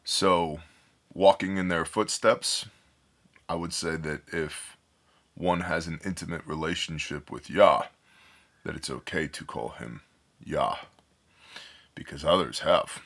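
A man's voice: extremely low pitch, takes it slowly, long pauses, fairly bright tone. A man reading scripture aloud and breaking off to explain it in a casual, digressive way, thinking aloud as he goes. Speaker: Bible study teacher.

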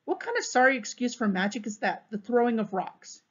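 A woman's voice: a little high, expressive, brisk. A woman voicing an exasperated, sarcastic male police captain in a storybook read-aloud. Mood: exasperated sarcasm. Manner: sarcastic, clipped. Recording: dull, muffled recording.

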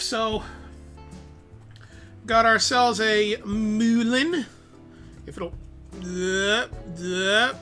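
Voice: high voice, pushed and bright. A vlogger rambling casually while unboxing toys, full of fillers and self-deprecating asides, grumbling at the camera's focus. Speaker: toy unboxing host.

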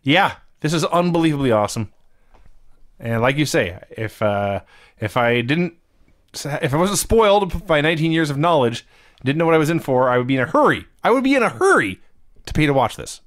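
A man's voice: fairly high pitch, expressive, fairly quick. A man co-hosting a wrestling review podcast, recapping matches with wry jokes. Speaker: podcast co-host. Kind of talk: casual wrestling review chat.

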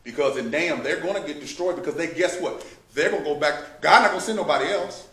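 A man's voice: fairly high pitch, fast talker, a bit bright. Man preaching in an echoey hall. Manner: preaching, rising to emphatic outbursts. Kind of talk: sermon. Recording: echoey room, mic at a distance.

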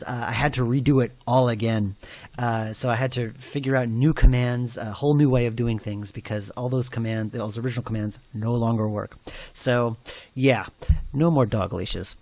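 A man giving a rambling, self-deprecating developer commentary for his own game. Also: medium pitch. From New York.

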